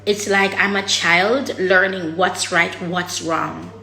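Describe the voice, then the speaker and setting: A woman's voice: on the low side, steady tone, takes it slowly, creaky, pushed and bright. Blunt, swearing woman vlogger in an echoey room. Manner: blunt, emotional, swears freely, repeats and restarts. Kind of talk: candid personal talk to camera.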